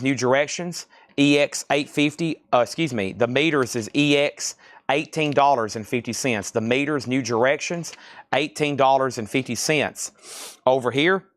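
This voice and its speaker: A man with a Southern drawl runs a live vinyl sale, calling prices and buyers' names in quick, joking patter. His voice sits in an ordinary middle register and sounds close and dry, with no room echo. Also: mid-range voice, fairly bright tone. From Tennessee, US. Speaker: live-stream record seller. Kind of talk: live sales auction chat.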